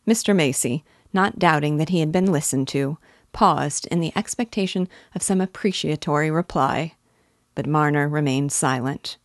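A woman teaching literature, reading a novel aloud in a measured, even way. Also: sits low, dry recording, studio quality.

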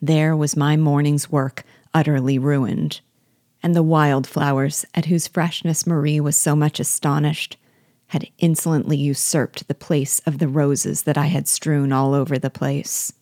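Brief: woman host reading a novel aloud, warm low voice, dry close sound. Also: flat delivery, no room sound. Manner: measured, clear storytelling. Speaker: reader and teacher.

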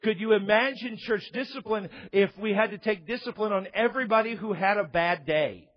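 A high-pitched man preaching a sermon from the pulpit. He mixes scripture with jokes and conversational asides, often restarting his words. The recording sounds muffled and lo-fi. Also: a little fast. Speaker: pastor.

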